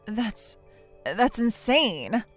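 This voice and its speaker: A woman's voice: on the high side, very animated, extremely slow, faint music behind, full character voice. A woman voicing a self-pitying young wife in a text-message story, pleading and defensive. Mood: dejected.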